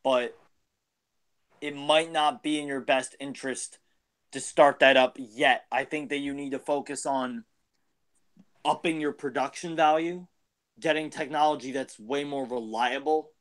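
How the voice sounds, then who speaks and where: A man's voice: medium pitch, steady tone, a little slow, a bit bright. A man in a casual podcast chat, earnestly lecturing a friend with advice. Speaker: podcast co-host.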